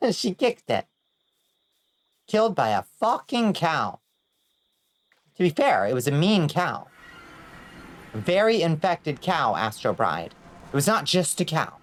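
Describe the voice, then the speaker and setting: Woman, game streamer, casual chat with viewers, excitable, swears a lot. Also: sits low, measured pace, long pauses. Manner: excitable, screams and swears when in danger.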